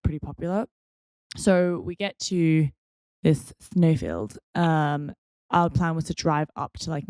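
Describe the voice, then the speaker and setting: A woman's voice: sits low, vocal fry, darkish tone, no room sound, studio quality. A young woman host chattily telling funny stories on her podcast, with lots of fillers and self-mocking asides. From Australia. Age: young adult. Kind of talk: casual storytelling.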